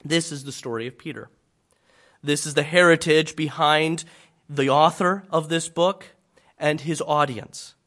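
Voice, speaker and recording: A man preaching a sermon, telling a scripture story dramatically, swinging from loud to hushed. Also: on the high side, a little slow.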